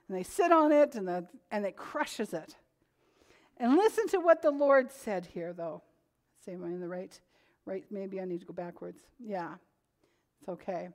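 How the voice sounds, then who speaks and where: A woman preaching a sermon to her congregation, earnest and growing emphatic when she reads scripture aloud. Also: medium pitch. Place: church.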